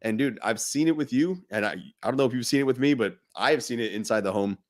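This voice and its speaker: A man's voice: mid-range voice, fast. A man co-hosting a fatherhood podcast, chatting casually and bluntly, swearing and laughing often. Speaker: podcast co-host.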